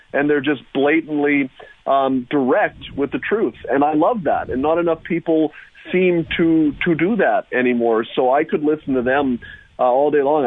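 A man's voice: mid-range voice, no echo. A man calling in as a guest on a sports radio show, talking hockey in a rambling, enthusiastic way. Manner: rambling, enthusiastic, restarts often. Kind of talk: casual sports radio chat. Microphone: phone. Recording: tinny phone line.

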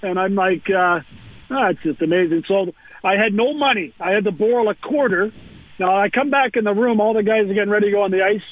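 A man's voice: sits high, fast talker, dry recording. Radio guest, man, former hockey pro, chatty storyteller, heard on a thin phone call. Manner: lively anecdotal storyteller with frequent "uh" fillers. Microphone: telephone. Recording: tinny phone line.

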